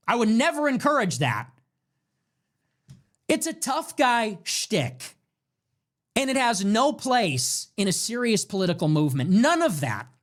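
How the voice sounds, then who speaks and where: Combative man ranting with lively pitch. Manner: combative, sarcastic, rhetorical questions, profane. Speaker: political commentator. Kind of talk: heated monologue rant.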